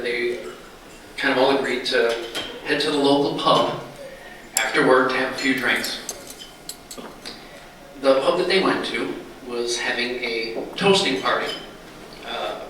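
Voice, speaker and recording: A man giving an after-dinner speech, telling a joke in a folksy, halting way, heard from far off in a large banquet hall. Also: mid-range voice, background noise. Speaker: speaker at a retirement dinner.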